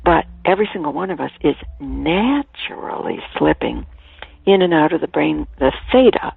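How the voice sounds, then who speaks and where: A woman author telling stories as a guest on a radio interview, animated, at times dropping to a soft whisper, heard over a phone line. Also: sits low, moderate pace, vocal fry, slightly rough, no echo. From Ireland. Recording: tinny phone line, dry.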